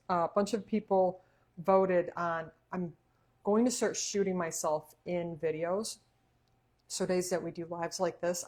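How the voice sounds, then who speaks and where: A woman's voice: fairly low pitch, darkish tone. Chatty woman hosting a cooking livestream. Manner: chatty, laughs often, talks while eating. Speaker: cooking show host. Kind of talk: casual livestream chat.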